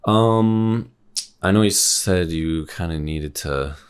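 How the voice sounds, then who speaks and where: A man hosting a relaxed interview show, his voice extremely deep. He talks in a tentative, searching way, with frequent "um" as he feels for his words. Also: clean tone. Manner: hesitant, many "um" pauses. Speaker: host. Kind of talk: casual interview chat.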